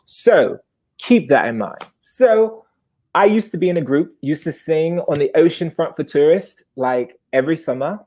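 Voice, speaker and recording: A man in his twenties telling a personal story live, chatty and animated, with sudden high-pitched bursts. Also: moderate pace.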